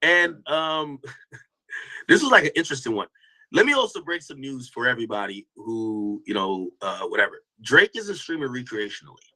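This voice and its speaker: A man's voice: medium pitch, sing-song, moderate pace, sharp tone, low-quality recording. A man hosting a casual commentary stream, talking loosely to his chat with lots of restarts and slang. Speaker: host reacting to a stream clip.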